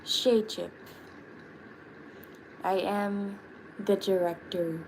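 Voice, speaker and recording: A woman voicing a fussy, protective male turtle director in a slow, deliberate, lowered voice. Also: fairly even intonation, slight background noise, rough recording. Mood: self-important.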